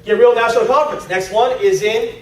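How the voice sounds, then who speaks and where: A man giving an energetic, animated seminar talk to a room of people, acting out stories in voices. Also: very high-pitched, quick pace, a crowd in the background. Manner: animated storytelling with acted-out voices. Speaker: network marketing trainer. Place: large meeting room. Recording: echoey hall from far off.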